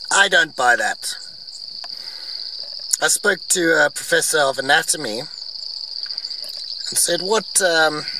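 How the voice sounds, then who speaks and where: A man on a game drive giving rambling, opinionated, wry commentary outdoors from a vehicle. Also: a little high. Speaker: vlogger on safari. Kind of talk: casual commentary. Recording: distant mic, faint outdoor noise.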